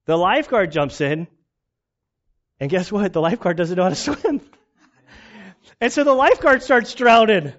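A male pastor preaching in a casual, storytelling way, animated and self-mocking, often laughing. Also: sits high, moderate pace, long pauses. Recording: dull lo-fi recording.

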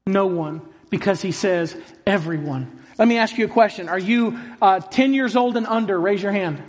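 A man preaching a sermon to a congregation, speaking emphatically and putting questions to the crowd. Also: high-pitched. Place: large hall with congregation. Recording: long hall reverb.

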